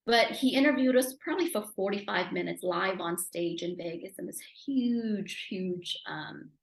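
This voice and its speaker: A woman speaker and author telling her story in an interview, animated and emotional, getting louder at her high points. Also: moderate pace. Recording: roomy echo.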